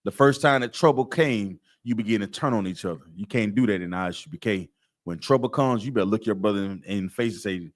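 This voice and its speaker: A man's voice: lowish voice, fast talker. A man teaching a scripture class in an emphatic, streetwise, repetitive way. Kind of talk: preaching-style class lecture.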